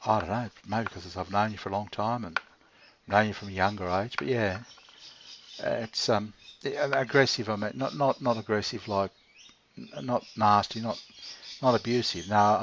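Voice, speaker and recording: On a dull lo-fi recording with slight background noise, a middle-aged man talks to his pet on his channel. His voice is lowish and fairly bright, and he rambles casually, swears freely, and chuckles a lot.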